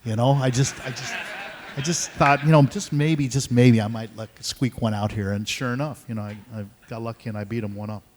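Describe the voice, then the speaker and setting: An older man spins an animated story on stage, jumping into voices to act out both sides of the talk. His pitch sits in an ordinary middle range, and a long reverberant tail hangs behind his words in a large conference hall. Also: a little fast. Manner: animated, acts out dialogue in voices. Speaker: guest speaker, pro golfer.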